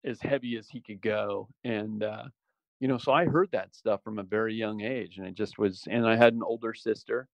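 Speaking at a moderate pace with a fairly low, gravelly voice, this man once served in special operations and now talks loosely as an interview guest. His rambling is relaxed, peppered with restarts, fillers and frequent "you know." The recording is dry and rough.

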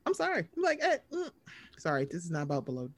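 A woman's voice: fairly low pitch, quick pace. A young adult woman co-hosting a casual gossip chat about reality TV, swearing freely and acting out what people said. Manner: animated, profane, acts out quoted voices. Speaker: podcast co-host.

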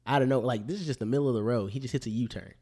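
A man co-hosting a podcast, telling stories in slangy, animated casual chat. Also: medium pitch, racing, slightly rough. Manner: slangy, animated storyteller, repeats "bro". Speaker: podcast co-host.

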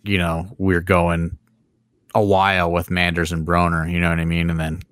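Low-voiced rambling male promoter. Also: monotone, moderate pace, fairly bright tone, clear, resonant tone, no room sound, studio quality. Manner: rambling, heavy fillers and profanity. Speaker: wrestling promoter. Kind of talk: casual podcast chat.

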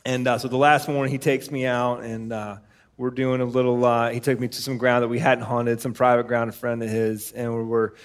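A man's voice: mid-range voice, little pitch movement, brisk, smooth. A man co-hosting a live podcast, telling a long story with lots of fillers and chuckles. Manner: rambling with fillers and laughs. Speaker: podcast co-host. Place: live stage show.

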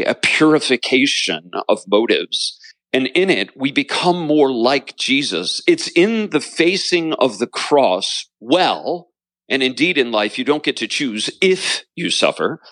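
A man's voice: mid-range voice, a bit bright, no room sound. A man, a pastor, telling his story in an interview, with an earnest preaching cadence and repeated phrases. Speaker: pastor and author.

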